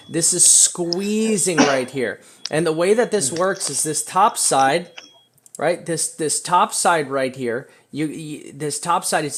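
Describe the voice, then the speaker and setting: Fast, filler-heavy man explaining charts. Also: on the high side. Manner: talks fast and loose with many fillers, repeated "right?". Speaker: crypto chart analyst. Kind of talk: casual chart walkthrough.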